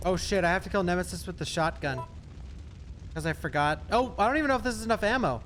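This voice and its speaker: A male streamer giving live gameplay commentary, excitable and chatty with his viewers. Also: high-pitched, fast, a little hiss or hum. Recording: game music behind voice.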